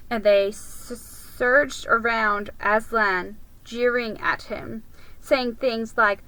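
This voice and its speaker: A woman reading a story aloud, unhurried, with occasional slips and restarts. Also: fairly high pitch, steady tone, bright, forceful tone, no room sound, poor audio. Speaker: reader.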